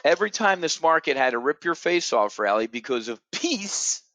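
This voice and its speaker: A middle-aged man hosting an options trading show, ranting in a blunt, profane, sarcastic way that swings from low muttering to loud outbursts. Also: big pitch swings, normal speed, dry recording. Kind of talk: ranting monologue.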